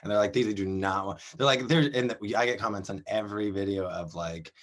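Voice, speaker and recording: A man in his thirties from Canada, a performer talking in a casual interview, chatty and animated, laughing often between his words. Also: fairly low pitch. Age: 30s. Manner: chatty, animated, quick to laugh, many fillers.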